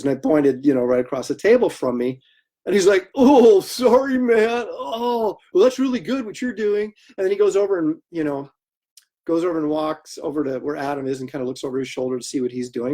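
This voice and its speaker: A man hosting a livestream, chatting casually and telling animated anecdotes with laughter while he draws. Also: mid-range voice. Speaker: comic artist hosting a livestream. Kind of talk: casual storytelling while drawing.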